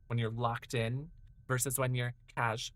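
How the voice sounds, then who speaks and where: A man's voice: medium pitch, level tone, a little slow, fairly bright tone, no room sound. Chatty, swearing male game streamer. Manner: chatty, rambling, profane, chatting to viewers. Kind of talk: casual gameplay commentary.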